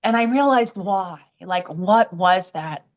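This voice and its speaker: Speaking slowly in a lowish voice, an American woman shares a personal story as a podcast guest. She tells it with animation, acting out quoted voices, and the recording is muffled.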